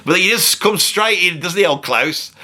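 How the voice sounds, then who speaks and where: A man's voice: high voice, moderate pace, bright, forceful tone. A British man hosting a comedic commentary video, rambling and sardonic, often breaking off mid-sentence. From Britain. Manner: rambling, self-interrupting, sardonic. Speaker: video host.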